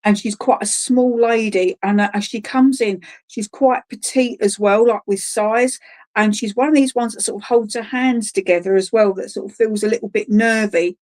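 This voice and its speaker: A woman giving clairvoyant readings at an online church service, speaking gently and hesitantly with many pauses and restarts, calling listeners darling. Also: mid-range voice, fairly even intonation. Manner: hesitant and searching, full of ums and restarts. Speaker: spiritualist medium.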